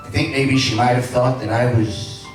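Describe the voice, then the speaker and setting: A man's voice: medium pitch, steady tone, normal speed, recorded from a distance, music in the background. A man in his sixties giving an inspirational speech, telling a personal story with comic punchlines. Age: 60s. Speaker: inspirational speaker. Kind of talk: motivational speech. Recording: echoey hall, heard from afar.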